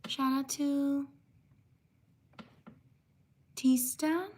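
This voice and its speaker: High-voiced woman slowly calling out names. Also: steady tone, darkish tone. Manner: slow, careful reading of viewers' names, often apologizing. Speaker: livestreamer. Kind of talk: livestream shout-outs.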